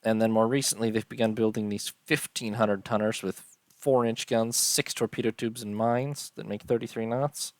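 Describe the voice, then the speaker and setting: A man giving casual, unhurried commentary on a strategy game, tired and yawning, filling pauses with ums and uhs. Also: on the low side, fairly even intonation, no echo. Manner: unhurried, listing details with many ums and uhs. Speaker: strategy game let's-player.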